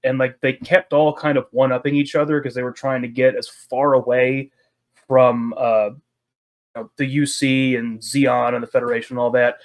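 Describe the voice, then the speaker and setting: A man's voice: mid-range voice, level tone, moderate pace. A man chatting casually with fellow tabletop players, enthusiastic and explaining things at length. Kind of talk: casual chat between game sessions.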